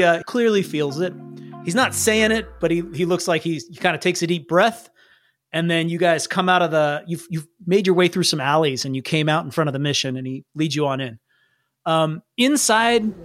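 High-voiced man running a tabletop game. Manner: casual, meandering, with fillers. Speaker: game master.

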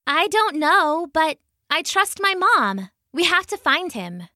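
A woman's voice: very high voice, very animated, slow pace, pushed and bright, dry recording, studio quality, pitched above the performer's own voice, exaggerated voice. A woman voicing a young girl, a druid's daughter, earnest and determined, in a storybook reading.

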